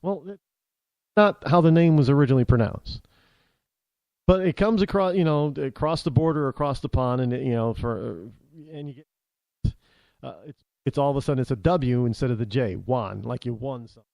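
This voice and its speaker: An American man hosting a talk show, delivering a rambling opinion monologue full of halting restarts. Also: mid-range voice, vocal fry, a little mellow, no echo. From United States.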